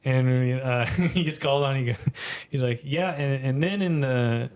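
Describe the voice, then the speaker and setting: Young man co-hosting a podcast in casual chat, crude and rambling. He laughs through his stories and swears freely, at a middle pitch for a man. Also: measured pace, a little mellow, a little hiss or hum. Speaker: podcast co-host.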